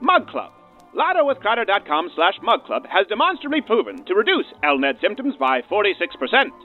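A man's voice: high-pitched, huge pitch swings, fairly quick. A man reading a scripted radio advert in a bouncy announcer delivery. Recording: tinny phone-like sound with music behind.

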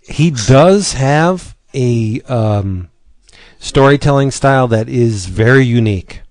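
A man co-hosting a podcast, talking through comic reviews in a measured, thoughtful way with some hesitant fillers. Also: mid-range voice, animated, darkish tone, dry recording. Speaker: podcast co-host. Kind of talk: casual comics review chat.

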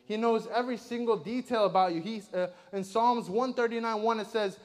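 A man's voice: high voice, normal speed, hardly any pauses, in a large hall. A man preaching a sermon, retelling scripture in an earnest, conversational way with frequent fillers.

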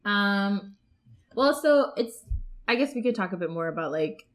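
A woman's voice: mid-range voice, measured pace. Chatty young woman hosting a podcast. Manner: chatty, animated, lots of fillers. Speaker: podcast host. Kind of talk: casual chat among friends.

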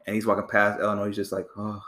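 A man's voice: on the low side, completely flat delivery, rapid-fire, pushed and bright, echoey room. A man hosting a podcast, chatting casually about a movie and acting out scenes with quoted voices. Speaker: podcast host.

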